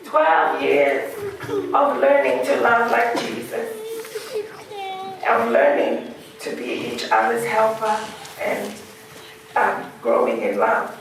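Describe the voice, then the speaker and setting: A woman's voice: a little high, very animated, slow pace, vocal fry, long pauses, background noise. A woman gives a heartfelt funeral eulogy, laughing through memories. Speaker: widow giving a eulogy. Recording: echoey hall, distant mic.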